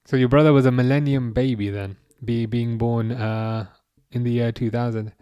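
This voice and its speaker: A man's voice: mid-range voice, fairly even intonation, clean tone, no room sound, lo-fi sound. Guy in his 30s on a live stream, keeps restarting his sentences, dry jokey tone, dead dry sound. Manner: halting, restarts often, dry jokes while reading chat. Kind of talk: casual live-stream chat.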